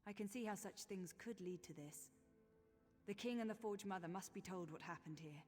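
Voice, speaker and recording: An actress voicing an earnest, shaken temple priestess in a video game, speaking in a measured, concerned way. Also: female voice, mid-range voice, a little mellow, long reverb tail, soft background music, close to an everyday voice.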